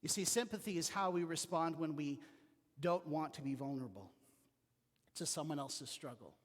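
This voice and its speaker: A man preaching a sermon as pastor, telling personal stories in an earnest way that drops to a quiet voice. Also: fairly high pitch, moderate pace, big-room sound. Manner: earnest storytelling with quiet dips. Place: church sanctuary.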